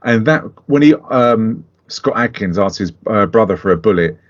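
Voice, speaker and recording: Low-voiced sweary podcast man. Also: animated, normal speed. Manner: blunt, sweary, laughs often. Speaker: podcast co-host. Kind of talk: casual film review chat. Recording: dull lo-fi podcast audio.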